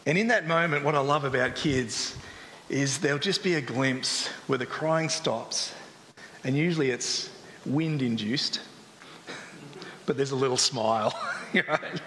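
Male pastor, bright and tense, casual sermon with jokes, live reverberant church hall. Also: medium pitch, a little slow, pauses often. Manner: conversational and joking, acts out complaining voices.

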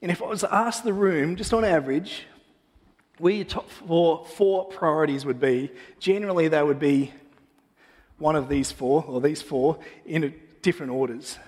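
A man preaching a sermon in a church, praying and then telling a personal story in a casual, animated way with self-deprecating humor. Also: on the high side, moderate pace, long reverb tail. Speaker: pastor. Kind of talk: sermon with prayer and personal anecdote.

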